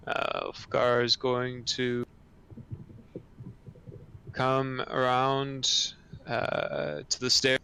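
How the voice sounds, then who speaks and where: A man playing in a tabletop game, describing his character's actions slowly and levelly. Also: mid-range voice, flat delivery, vocal fry, bright, forceful tone, smooth, rough recording. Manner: slow, level narration with fillers. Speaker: player.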